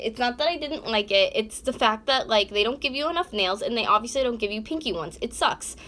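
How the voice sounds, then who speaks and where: Sitting at her vanity in a warm bedroom, a twenty-something beauty vlogger from North America live-streams a casual nail tutorial, rambling, blunt, and cursing. A propped-up phone close by captures her slightly bright, mid-range voice with a little hiss or hum.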